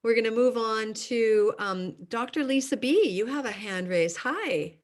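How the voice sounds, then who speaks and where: A woman's voice: on the high side, lively intonation, a little slow. A woman hosting a coaching video call, affirming and encouraging the participants. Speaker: host.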